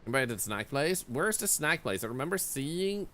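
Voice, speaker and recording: A man's voice: fairly high pitch, sing-song, a little fast, a bit bright. A man streaming a game, casually chatting to his viewers and to the game's characters in a playful way. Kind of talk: casual gameplay commentary.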